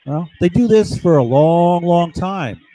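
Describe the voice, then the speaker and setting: A vlogger at home delivers an agitated, digressive monologue, full of restarts, asides, and "right?" tags. His voice is high, animated, and dark in tone at a measured pace, with no echo but poor audio quality.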